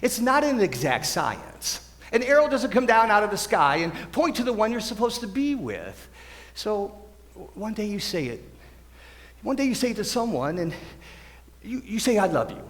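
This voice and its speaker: A man's voice: high voice, big pitch swings, normal speed, a bit bright. A teenage actor playing a lonely, wistful man who confides in the audience in a rambling, self-interrupting way, in a school stage musical. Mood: confiding. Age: teens. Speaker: Man in Chair, narrator. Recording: stage mic in a reverberant auditorium.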